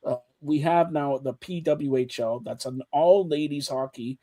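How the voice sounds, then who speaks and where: A man's voice: on the high side, unhurried. A man hosting a casual sports chat show, teasing his co-hosts and talking over them. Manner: teasing, talks over others, animated.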